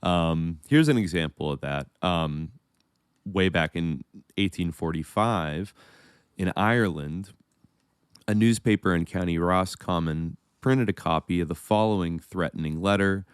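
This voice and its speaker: A man's voice: low voice, measured pace, clear, resonant tone, dry recording, clean studio sound. A man co-hosting a history podcast, reading historical passages and then rambling casually with restarts. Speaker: podcast co-host.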